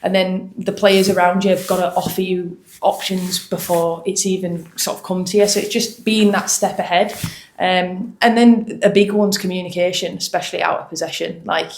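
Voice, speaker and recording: A woman's voice: fairly low pitch, steady tone, normal speed, gravelly, roomy sound, a little hiss or hum. A young woman footballer from Hull with a Hull accent, answering post-match interview questions in a chatty way, with frequent ums and restarts. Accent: Hull English. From Hull, England.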